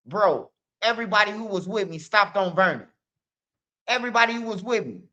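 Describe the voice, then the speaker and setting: A high-pitched, sharp-toned man rambles casually to his stream audience. His talk is loose and slangy, peppered with "man" and "bro", and it comes through on dull lo-fi audio. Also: lively intonation, a little fast. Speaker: streamer host.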